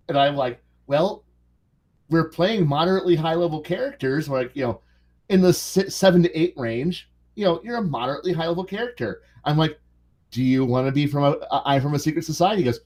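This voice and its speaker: A man's voice: a little high, moderate pace, darkish tone. A man co-hosting a casual podcast about tabletop role-playing games, rambling with many restarts and fillers. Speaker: podcast co-host.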